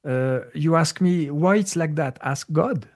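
A man speaking English as a second language, explaining spiritual ideas in a casual, halting way with many fillers and searches for words. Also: on the high side, darkish tone. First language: not English. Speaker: spiritual teacher. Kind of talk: casual conversational talk.

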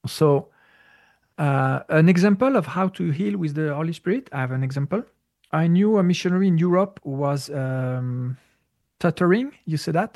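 Interviewee, male, gravelly voice pitched a bit high, halting storyteller with many fillers. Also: darkish tone. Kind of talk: casual spiritual storytelling.

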